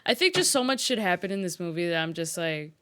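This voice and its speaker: Young woman, podcast co-host, laid-back giggly chat, fairly low voice. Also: animated, quick pace, fairly bright tone, slight background noise. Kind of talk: casual chat about movies.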